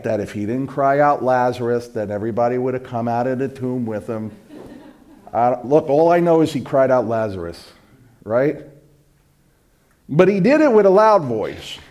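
A male pastor delivering a sermon in a high-pitched voice. He speaks slowly and deliberately, booming on key lines and dropping to soft asides in between. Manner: emphatic, shifts between loud proclaiming and hushed asides.

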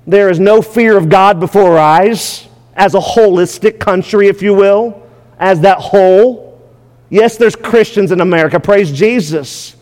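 A man's voice: high voice, darkish tone. A man preaching a sermon in a church, emphatic, repeating his phrases and asking the congregation questions. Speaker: pastor. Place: church sanctuary. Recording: long hall reverb.

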